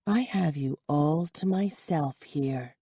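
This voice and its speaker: A man voicing a thirsty, teasing vampire girl in an audiobook, with a slow, breathy hiss. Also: on the high side, dark tone, voice pushed up, full character voice. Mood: sly whisper. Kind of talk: audiobook character voice.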